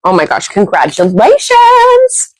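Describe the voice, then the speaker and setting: A bubbly, excitable woman hosting a live shopping stream, chatting and cheering on the prize wheel. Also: medium pitch, takes it slowly, dry recording, poor audio. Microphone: clip-on microphone.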